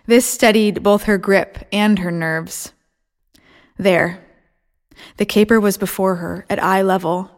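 A woman reading a story aloud in measured audiobook narration. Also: mid-range voice, steady tone.

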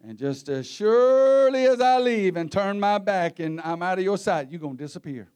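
A high-voiced man preaches a sermon. He retells the story in a folksy, homespun way, dropping to quiet murmurs and then rising to shouts. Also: lively intonation, normal speed, smooth.

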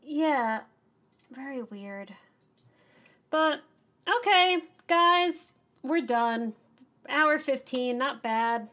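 Woman podcast co-host, high voice, excitable ranting delivery. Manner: enthusiastic, ranting, fast-moving. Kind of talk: casual podcast chat.

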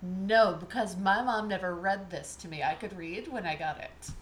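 A woman guest in a casual book chat who speaks in a dry, low-key manner. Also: moderate pace, slight background noise.

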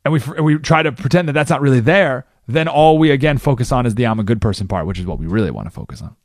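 A man hosting a talk radio show, explaining ideas in a monologue and acting out the people he quotes in quick character voices. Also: mid-range voice, no echo, clean studio sound. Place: radio studio.

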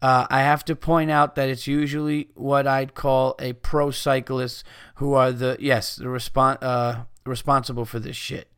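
Profane ranting podcast host, smooth voice. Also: male voice, mid-range voice, little pitch movement, a little slow, fairly bright tone, no echo, studio quality. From United States. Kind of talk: casual ranting monologue.

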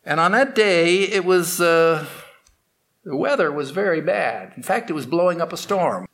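Man, storyteller, spoken unscripted, slightly high voice, drawn-out dramatic pauses. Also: animated, fairly bright tone. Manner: unscripted, with restarts and fillers, dramatic pacing. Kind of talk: oral storytelling.

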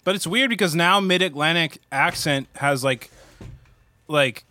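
A man co-hosting a casual podcast, animated and teasing, sprinkling in dude and bro. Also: fairly high pitch, a little slow, dry recording. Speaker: podcast co-host and band member. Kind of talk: casual chat.

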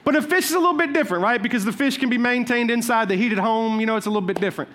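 A man preaching a sermon as pastor, telling personal stories in an animated, conversational and humorous way. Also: very high-pitched, racing. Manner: repeats "watch this" to cue points.

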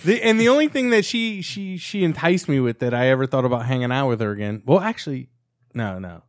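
A man co-hosting a podcast, telling a crude story in a casual, animated way and swearing a lot. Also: medium pitch, a little fast, no echo, clean studio sound. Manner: animated, swears a lot, acts out quotes loudly.

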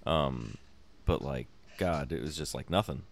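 Very deep-voiced young man, laid-back. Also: measured pace, vocal fry. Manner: laid-back, filler-heavy, laughs often. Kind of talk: casual chat.

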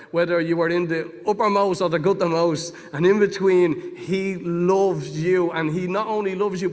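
Fervent preacher in a reverberant hall. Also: male voice, high voice. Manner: storytelling, swings from hushed to fervent. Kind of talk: testimony sermon.

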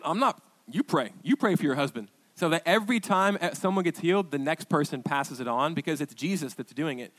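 A man's voice: on the high side, fairly bright tone. A man pastor preaching a sermon, telling a story with many restarts and asides, then building to emphatic repeated declarations.

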